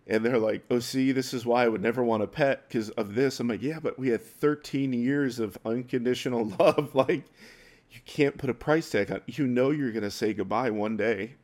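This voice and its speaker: A man telling a personal story in an interview, halting and tearful, breaking into soft laughs and trailing off. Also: on the low side. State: crying at times. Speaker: guest.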